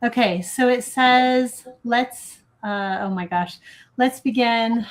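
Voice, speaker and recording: A woman's voice: on the high side, slow pace. A woman hosting a talk show in a studio, reading a text aloud with earnest feeling and breaking into casual chat. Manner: earnest, gets emotional while reading. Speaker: show host.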